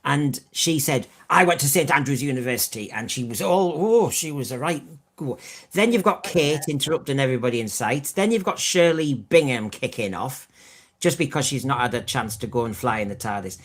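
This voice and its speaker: A man's voice: mid-range voice, expressive, a little fast. A man hosting a podcast, telling stories with wry, dry humour. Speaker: podcast host. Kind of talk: casual podcast chat.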